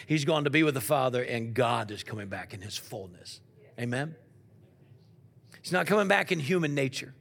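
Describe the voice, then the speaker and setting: A man preaching a sermon, asking the congregation questions and swinging from loud to quiet. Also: medium pitch, normal speed, creaky. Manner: animated preaching with call-and-response questions. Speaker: pastor.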